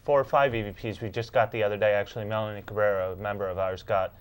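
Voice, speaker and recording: A man hosting a studio talk show, asking short follow-up questions and giving quick affirmations. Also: lowish voice, fairly even intonation, clear, resonant tone. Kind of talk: casual interview. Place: small studio.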